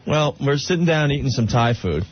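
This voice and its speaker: A man's voice: medium pitch, lively intonation, a little hiss or hum. A man hosting a comedy radio show, chatting casually and needling his co-host. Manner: needling, quick, reads station IDs. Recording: muffled radio broadcast with music.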